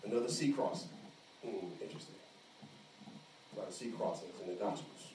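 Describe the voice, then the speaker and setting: A man preaching an animated sermon, acting out the voices of the people in his story. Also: fairly low pitch, brisk, a little hiss or hum. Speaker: pastor. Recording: echoey room, mic at a distance.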